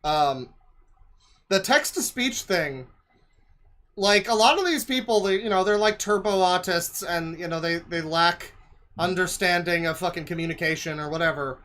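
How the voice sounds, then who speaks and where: Snarky streamer guy swearing at a video, kinda high voice. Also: moderate pace, pushed and bright. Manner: sardonic, profane, mocking asides. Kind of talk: reaction stream commentary.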